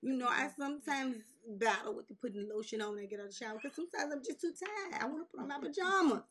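A woman in her forties telling a long story in casual chat, animated and swearing, laughing as she goes and jumping high when she quotes people. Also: fast. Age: 40s. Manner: jumps high in pitch when quoting people. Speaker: podcast host.

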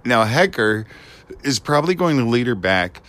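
A man co-hosting a casual chat podcast, joking around with animated, stammering restarts. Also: medium pitch, moderate pace. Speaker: podcast co-host.

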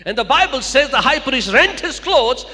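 A man's voice: very high voice, big pitch swings, normal speed, bright, forceful tone, long reverb tail. A man preaching a sermon to a church, repeating key lines and calling out to the congregation.

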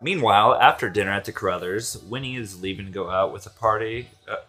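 A man's voice: fairly low pitch, fast, bright, forceful tone. A man co-hosting a casual movie review podcast, recapping the plot loosely with swearing and laughter. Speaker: podcast co-host.

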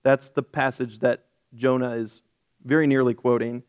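A man's voice: medium pitch, flat delivery, moderate pace, smooth. A male pastor teaching through a Bible passage in a sermon, explaining the text and acting out quoted lines with feeling.

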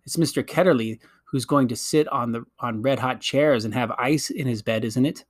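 A man's voice: medium pitch, normal speed, dry recording, studio quality, lightly acted. Man voicing Polly, a prim sarcastic girl. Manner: sharp, sarcastic, proper schoolgirl speech. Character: prim indignant young English girl.

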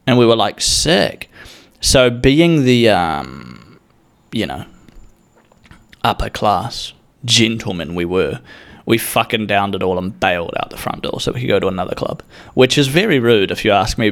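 A young man with a New Zealand accent, telling a rambling, sweary and self-mocking comic story as a podcast host. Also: on the low side.

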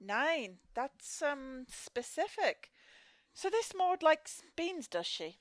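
A brisk, sarcastic dating agent with an Irish accent, as a woman acts her out, high-voiced and swooping. She delivers dry put-downs with a lively, rising and falling tone. The sound is close and dry. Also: no echo, full character voice. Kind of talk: comedy sketch acting.

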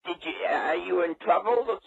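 A man's voice: high-pitched, normal speed, gravelly, husky, no room sound. Confused older man repeating questions. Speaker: prank call target. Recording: dry, dull phone audio.

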